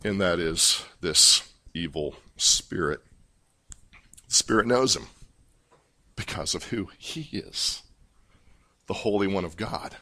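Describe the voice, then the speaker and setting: Slow, low-voiced man preaching. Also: animated, pushed and bright. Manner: measured, emphatic teaching delivery with pauses and restarts. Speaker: pastor. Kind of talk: expository sermon.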